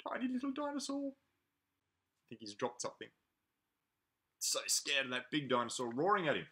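Lively, sing-song man reading to toddlers. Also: high-pitched, vocal fry, husky. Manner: animated, sing-song, drawn-out words. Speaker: preschool playgroup leader. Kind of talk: reading a picture book to toddlers.

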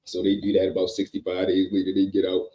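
A man telling a comedic prison story in a casual, animated way, acting out each character. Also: low-pitched, fast, muffled recording, slight background noise. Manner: animated, acts out every character.

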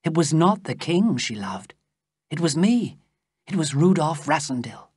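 Slow story narration for english learners, husky voice, lively up and down, dry close sound. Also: mid-range voice, dry recording.

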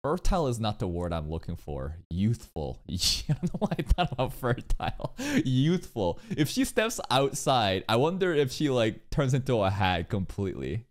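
A man's voice: medium pitch, normal speed, few pauses. A man streaming, reacting to an anime with loose, profane casual commentary. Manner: swears loosely, animated.

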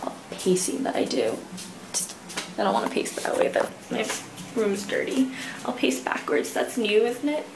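A young woman talks to her camera late at night from her bedroom, rambling and giggling, slightly out of breath. Her voice has a gravelly fry, with a faint hiss in the background. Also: fairly high pitch, huge pitch swings, moderate pace. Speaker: vlogger. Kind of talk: casual late-night vlog.

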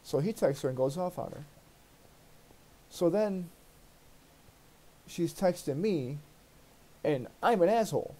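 A man's voice: a little high, lively intonation, takes it slowly, long pauses, dark tone. A man hosting a let's play, telling a long personal story in a rambling, profane, aggrieved way while he plays. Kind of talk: casual storytelling while gaming.

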